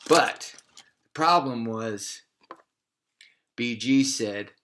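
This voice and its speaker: Man, middle pitch, storyteller: improvised kids' tale, playful and animated. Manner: animated, playful, slows for emphasis.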